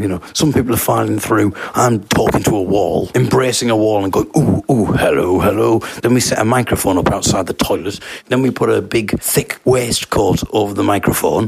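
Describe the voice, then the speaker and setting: A man's voice: lowish voice, a little fast, vocal fry, hardly any pauses, husky, no room sound. A man hosting a comedy podcast, telling a rambling, self-deprecating anecdote and acting out sound effects. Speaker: podcast host. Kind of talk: comic anecdote.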